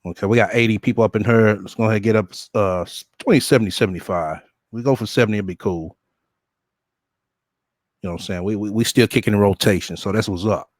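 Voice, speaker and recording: A man's voice: fairly low pitch, dry recording, studio quality. Laid-back live-stream host, man. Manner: laid-back, halting, many "uh"s. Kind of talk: casual live-stream chat.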